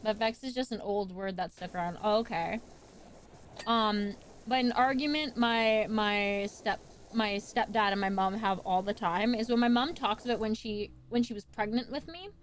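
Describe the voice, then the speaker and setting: A woman's voice: medium pitch, moderate pace, a little hiss or hum. A woman from Newfoundland streaming live, rambling casually with lots of restarts and casual swearing.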